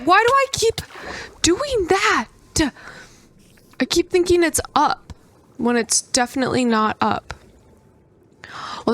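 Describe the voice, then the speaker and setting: A young adult woman giving gameplay commentary, excitable and prone to squealing outbursts. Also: mid-range voice. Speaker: gaming creator.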